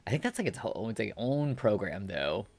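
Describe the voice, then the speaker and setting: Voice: mid-range voice, very animated, fairly quick, darkish tone, dry recording. A streamer chatting casually and rambling, often restarting and laughing at themself. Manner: rambling, self-deprecating, giggly.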